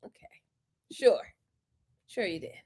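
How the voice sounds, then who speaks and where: A woman's voice: a little slow, warm tone. A woman hosting a reaction video, commenting bluntly and exasperated, swearing freely.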